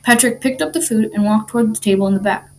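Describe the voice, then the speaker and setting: A woman reading a children's storybook aloud in an animated, expressive way. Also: fairly high pitch, fast talker.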